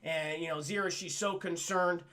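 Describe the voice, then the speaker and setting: A man reviewing a film on a live stream, excitable and profane, acting out characters in quick voices as he recaps scenes for chat. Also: a little high.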